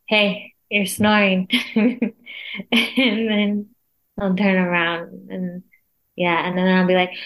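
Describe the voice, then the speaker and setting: Laughing young woman telling stories. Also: on the low side. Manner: laughs often, animated storytelling with acted quotes. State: pregnant. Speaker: podcast guest. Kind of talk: casual chat.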